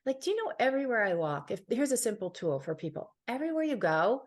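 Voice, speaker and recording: A woman's voice: fairly high pitch, sing-song, quick pace. A woman from Ontario, Canada, a healer and psychic, telling a personal story as an interview guest in an earnest, heartfelt way, repeating phrases for emphasis.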